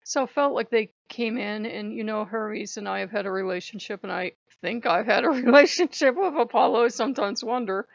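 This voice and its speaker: A woman with a slightly high, creaky voice hosts her own spiritual vlog, rambling profanely and laughing often in a casual monologue. The recording is dull, lo-fi and dry, with no echo.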